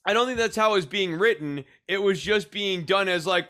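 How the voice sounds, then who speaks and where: A man's voice: high-pitched, fairly quick, few pauses, bright, forceful tone. A man co-hosting a casual comedic discussion, rambling and filling his talk with "like". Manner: rambling, heavy use of "like". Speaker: podcast co-host.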